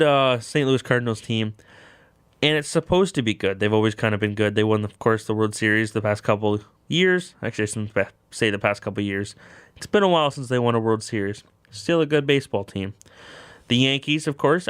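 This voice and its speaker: A man's voice: medium pitch, a bit bright, clean tone, no echo, studio quality. A young man hosting a sports talk show, rambling through baseball news and correcting himself as he goes. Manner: rambling, self-correcting, lots of "of course". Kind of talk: casual sports talk monologue.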